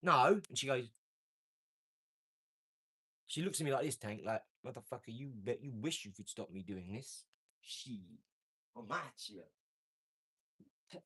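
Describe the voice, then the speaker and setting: A man, hosting a casual live stream, brash and boastful, with slang and swearing, swinging from loud outbursts to low mumbling. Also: slightly rough. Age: 40s.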